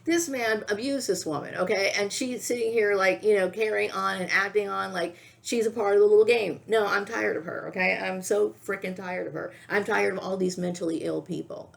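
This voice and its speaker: A woman's voice: medium pitch, steady tone, fairly quick, vocal fry, hardly any pauses. A middle-aged woman vlogging to camera in a rambling, agitated monologue, often tagging her sentences with "okay?". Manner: agitated, repetitive, keeps asking "okay?".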